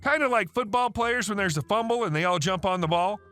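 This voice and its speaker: A man narrating a workplace story from a written online post in a lively, expressive way. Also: high-pitched, brisk, no echo, soft background music. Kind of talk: scripted narration of a reddit story.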